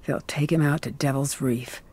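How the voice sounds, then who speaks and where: A woman's voice: very deep voice, steady tone, normal speed, darkish tone, husky. An actress voicing a frightened young woman in a video game, a minister's daughter who speaks urgently and anxiously.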